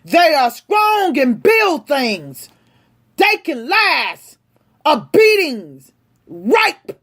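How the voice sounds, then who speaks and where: A woman pours out an angry, impassioned rant directly to her viewers. Her voice sits high and swings widely in pitch, though she takes her time and leans hard on each phrase. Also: wildly swooping pitch, extremely slow. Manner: angry, forceful, addresses the audience directly. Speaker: vlogger.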